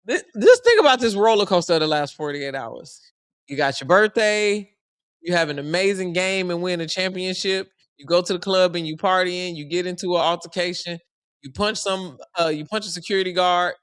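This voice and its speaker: A man's voice: high voice, moderate pace, smooth, dry recording, studio quality. A young man giving casual, joking live commentary on a basketball game. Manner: animated, joking, slangy and conversational. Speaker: sports commentary streamer.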